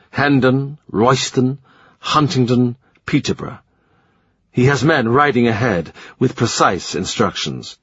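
A man narrating a historical novel in a measured, literary reading style. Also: medium pitch, expressive, fairly bright tone, husky, dry recording. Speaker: audiobook narrator. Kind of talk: scripted narration. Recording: slightly muffled dry recording.

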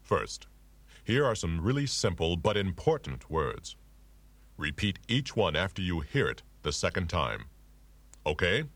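A man's voice: sits low, sing-song, measured pace, fairly bright tone, no echo. A man narrating a scripted language lesson in a formal, mildly humorous way. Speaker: language instructor.

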